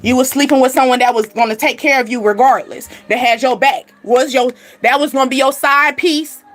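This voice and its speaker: Sassy, animated woman reading energies. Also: sits high, brisk, soft background music. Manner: animated, sassy, laughs often, talks straight to the listener. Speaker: spiritual reading channel host. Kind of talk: casual spiritual reading to viewers.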